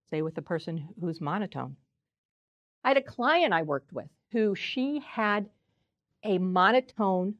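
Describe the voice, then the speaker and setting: An older woman voice coach giving an expressive presentation talk, demonstrating examples with her voice. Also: medium pitch, no echo, dull audio.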